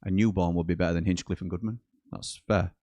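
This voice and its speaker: A British man hosting a live football watchalong, reading viewer comments aloud and breaking into quick commentary on the match. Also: deep voice, steady tone, dark tone, dry recording. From Britain. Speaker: watchalong host.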